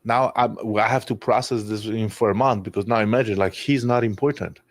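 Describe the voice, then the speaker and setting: A man with a low voice, speaking candidly and emotionally, with many restarts and an occasional curse. The sound is dry and close, with no room around it. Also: fairly even intonation, a little fast, no echo. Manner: emotional, rambling with restarts and swearing. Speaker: podcast guest. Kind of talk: candid conversational storytelling.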